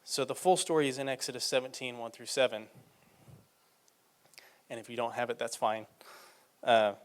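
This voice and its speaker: Male preacher, conversational sermon delivery, stretches words for emphasis, mid-range pitch. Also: clean tone. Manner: reads scripture aloud and explains it conversationally.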